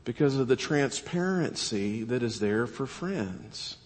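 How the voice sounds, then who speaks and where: A man preaching with animated energy, mid-pitched and lively, asking the room rhetorical questions and slipping into voices for the people he quotes. His voice rings out in a large hall with a long reverb tail. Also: takes it slowly. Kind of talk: sermon.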